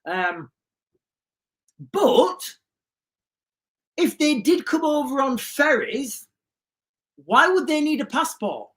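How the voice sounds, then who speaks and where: A woman's voice: high voice, big pitch swings, takes it slowly, pauses often, a bit bright. Sarcastic woman livestreaming. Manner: sarcastic, emphatic, repeats key lines. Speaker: livestream host. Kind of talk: livestream commentary reading chat.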